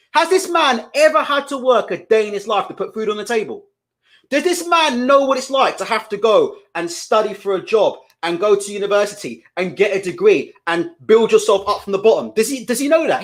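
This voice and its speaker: A man hosting live boxing commentary, ranting indignantly and profanely, hammering the same questions again and again. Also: extremely high pitch.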